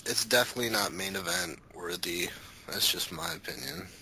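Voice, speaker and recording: Low-voiced, blunt man on a panel. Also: normal speed, vocal fry, pushed and bright, slight background noise, poor audio. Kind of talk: casual panel chat.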